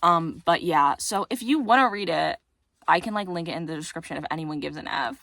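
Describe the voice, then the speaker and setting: A teenage book vlogger chats casually to camera, rambling, self-deprecating and full of fillers, her voice cracking now and then. It's a low-ish, expressive, slightly bright female voice at normal speed.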